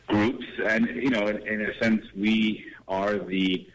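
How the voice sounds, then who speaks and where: A man talking as a guest in a radio interview, calling in and speaking in a measured way with many fillers. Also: on the low side, little pitch movement, rough recording. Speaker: guest, artist manager. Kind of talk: phone-in interview.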